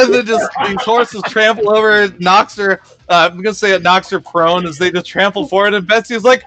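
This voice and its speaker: A man's voice: sits high, steady tone, brisk, hardly any pauses, sharp tone. A man running a tabletop game as game master, making rulings and playfully describing the action.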